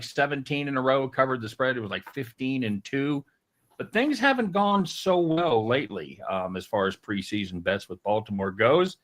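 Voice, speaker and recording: A man from Kansas City hosting a casual sports betting show, joking with his guests. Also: fairly high pitch. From Kansas City, USA. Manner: lively, joking, animated. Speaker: show host.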